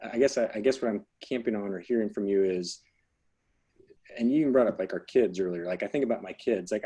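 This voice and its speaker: A man's voice: lowish voice, warm tone, breathy edge. A middle-aged man interviewing a guest in a webinar, asking long, rambling questions full of fillers.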